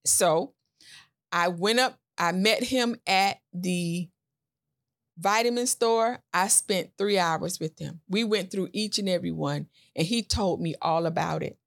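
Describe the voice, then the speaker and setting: A middle-aged American woman hosts a podcast and tells a personal story, acting out voices with big jumps in pitch. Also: a little slow, gravelly. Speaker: podcast host.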